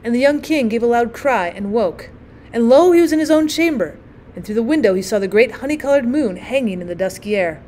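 A woman reading a classic story aloud as a teacher, in a measured and expressive way. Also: fairly high pitch, a little hiss or hum. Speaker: teacher and narrator.

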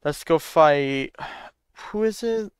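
A man's voice: fairly high pitch, lively intonation, takes it slowly, clear, resonant tone. A man giving casual commentary while playing a video game, frustrated, swearing often and muttering to himself. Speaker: let's play gamer. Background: game music.

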